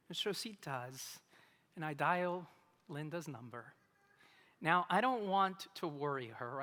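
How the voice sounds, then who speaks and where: Male pastor, animated and humorous preacher, very expressive pitch, echoing sanctuary. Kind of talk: sermon. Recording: long reverb of a large hall.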